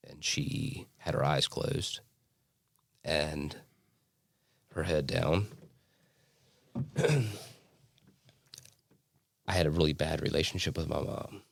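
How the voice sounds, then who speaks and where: A man giving a personal testimony as a podcast guest, telling his story earnestly with halting restarts and fillers. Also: extremely low pitch, steady tone, vocal fry. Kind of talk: personal testimony in a casual interview.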